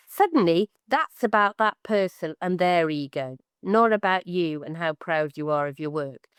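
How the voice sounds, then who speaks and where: Lively woman, smooth voice. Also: dry recording, clean studio sound. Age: middle-aged. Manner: animated, acts out quoted voices with big pitch jumps. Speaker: podcast co-host, artist. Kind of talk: casual podcast chat.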